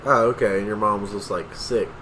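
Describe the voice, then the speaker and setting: A man's voice: lowish voice, steady tone, brisk, sharp tone. A young man co-hosting a casual podcast, laid-back and swearing casually. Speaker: podcast co-host. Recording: audible air conditioning hum.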